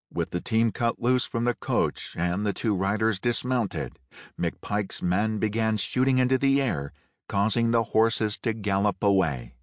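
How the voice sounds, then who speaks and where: A man narrating a Western audiobook in a measured, unhurried storytelling manner. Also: lowish voice, no room sound. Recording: dry close studio read.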